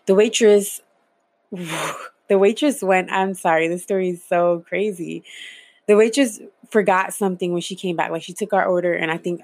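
Candid, low-voiced woman telling her story. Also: no room sound. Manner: candid, swears freely, many fillers. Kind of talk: casual personal storytelling.

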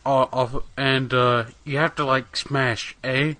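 A man's voice: mid-range voice, level tone, slow pace, bright, forceful tone, no room sound. A young man rambling casually about video games on a podcast, with lots of fillers and swearing. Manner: rambling, profane, many fillers. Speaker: podcast co-host. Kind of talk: casual gaming chat.

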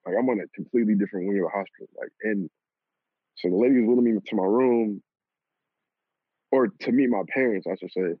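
Young guy telling a story loose and lively, kinda husky, tinny phone-line sound. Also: on the low side, fast, long pauses, dry recording. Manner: animated, laughs at himself, swears casually. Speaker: guest telling a personal story. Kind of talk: casual storytelling. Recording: lo-fi phone-like audio.

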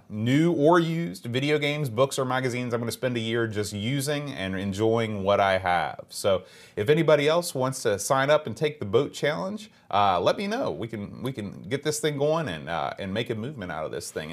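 A man's voice: mid-range voice, animated, moderate pace. A man co-hosting a podcast, chatting casually and reading listener emails aloud with easy filler words. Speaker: podcast co-host.

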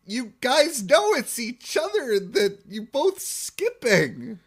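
A man's voice: very high voice, very animated, takes it slowly, slightly rough. A man co-hosting a podcast, casually recapping a cartoon episode in rambling talk, laughing often and acting out quotes. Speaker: podcast co-host.

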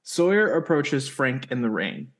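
A man's voice: medium pitch, big pitch swings, a little slow. A man co-hosting a casual podcast, recapping the story of a TV episode step by step in a plain, conversational way. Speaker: podcast co-host.

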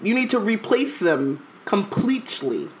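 An animated woman trading jokes on a casual chat show, her words tumbling out in quick bursts. Her voice is of middling pitch, with a faint hiss underneath. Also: poor audio. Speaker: podcast co-host.

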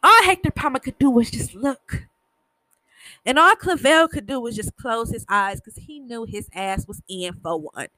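Lady chatting thru a tv recap, kinda high voice, very dry sound, just talking it out. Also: expressive, moderate pace, pushed and bright, dry recording. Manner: chatty, retells scenes with quoted lines. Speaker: podcast host. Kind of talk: casual TV recap.

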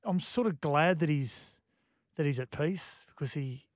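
A man, a radio guest, talking in a halting, reflective way with many restarts. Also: on the high side, dry recording, studio quality. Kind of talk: casual radio chat.

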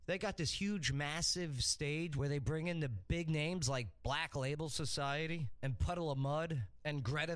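Male ad reader, punchy and salesy, slightly high voice, dry sound. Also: a bit bright, no echo. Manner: punchy, salesy list-making. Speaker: pub advertiser. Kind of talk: radio ad read.

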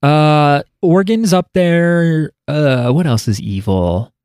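A man hosting a podcast, chatting casually with offhand, deadpan jokes. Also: fairly high pitch, slow, smooth, no room sound, studio quality. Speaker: podcast host. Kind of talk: casual chat.

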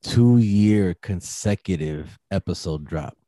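A man's voice: deep voice, slow, dry recording, clean studio sound. A man co-hosting a podcast in casual chat, telling a story animatedly and acting out the voices of the people in it. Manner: animated, acts out quoted voices, laughs often. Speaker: podcast co-host.

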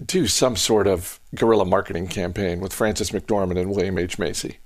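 A man's voice: low voice, steady tone, normal speed, no room sound, clean studio sound. A man hosting a podcast, chatting casually and restarting his sentences often. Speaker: podcast host.

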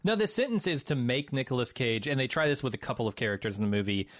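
A man co-hosting a relaxed movie review podcast, wry and a little profane, laughing as he talks. His voice sits in the middle range. The close mic sounds dry, with no room at all. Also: medium pitch, fast, no room sound. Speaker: podcast co-host. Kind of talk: casual movie review chat.

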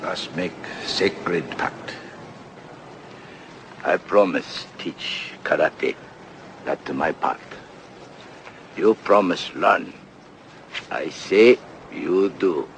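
Deep-voiced old karate teacher, terse and unhurried, film clip with heavy noise. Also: male voice, exaggerated voice, poor audio. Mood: calm instructing. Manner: slow, clipped broken-English instructions. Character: older male karate teacher, calm, terse, wise.

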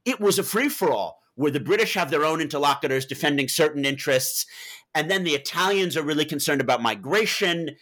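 A man's voice: fairly high pitch, fairly quick. A man who wrote a book on Libya, answering interview questions and telling stories to explain his points. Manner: animated storytelling with vivid asides. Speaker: author and Libya analyst.

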